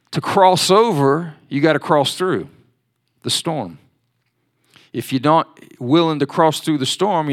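Man preaching with rising emphasis. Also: a little high. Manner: rising to emphatic declarations, voicing pleas in prayer. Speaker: pastor. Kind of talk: sermon.

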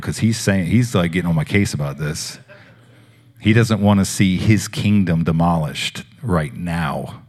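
A man preaching, telling personal healing stories in a rambling, animated way with many fillers. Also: on the low side. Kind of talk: sermon testimony storytelling.

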